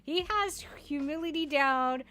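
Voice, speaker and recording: A woman's voice: sits high, unhurried, pushed and bright. A woman streamer chatting casually on a headset, bubbly and giggly. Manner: bubbly and giggly, self-deprecating. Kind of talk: casual live-stream chat.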